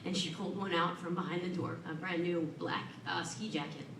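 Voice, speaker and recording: A woman giving a heartfelt hall of fame acceptance speech at a podium, earnest and warm with self-deprecating humor. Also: on the low side, steady tone, fairly quick, vocal fry, background noise. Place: large event hall at an awards ceremony. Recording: echoey room, voice from far off.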